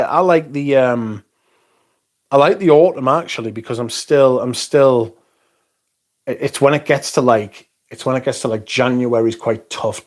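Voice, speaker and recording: A man's voice: medium pitch, a little mellow. A young man hosting a livestream, chatting casually, rambling and swearing as he reads comments aloud. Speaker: livestream host.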